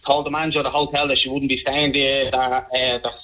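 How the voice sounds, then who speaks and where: A man with an Irish accent rattles through a story on a phone-in, fast and animated, repeating himself as he builds it up. He comes through a thin telephone line. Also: mid-range voice, background noise. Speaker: caller.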